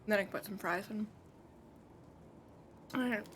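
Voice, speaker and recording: A woman's voice: medium pitch, moderate pace, slight background noise. A woman streaming a video game, chatting casually with rambling asides. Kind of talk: casual live game commentary.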